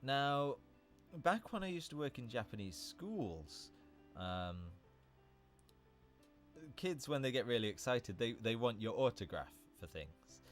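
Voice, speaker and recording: A man's voice: mid-range voice, sing-song, unhurried, long pauses, soft background music. A man hosting a casual livestream, explaining English vocabulary in a chatty way, often correcting himself and laughing at his own slips.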